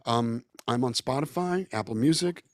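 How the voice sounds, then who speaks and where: A man's voice: mid-range voice, expressive, normal speed, no echo, clean studio sound. A man from Southern California, a guest musician and actor, talking at length and thoughtfully over a video call. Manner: reflective, talkative, acts out quoted voices. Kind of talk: casual interview chat.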